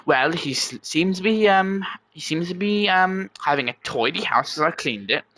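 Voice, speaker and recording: A man's voice: a little high, expressive, moderate pace, sharp tone, no room sound. A man voicing a clueless, upbeat young man who rambles and stammers. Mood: cheerful.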